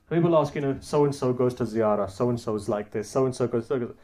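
A man's voice: medium pitch, brisk, warm tone. A man preaching a sermon, telling a story with rhetorical questions and building to emphatic peaks. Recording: roomy echo.

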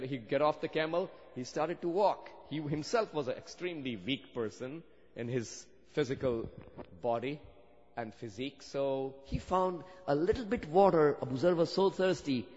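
A male preacher tells a story, his slightly high voice rising into fervent emphasis. The sound is dull and muffled. A long reverb trails behind him, as in a large hall. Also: darkish tone. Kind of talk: sermon.

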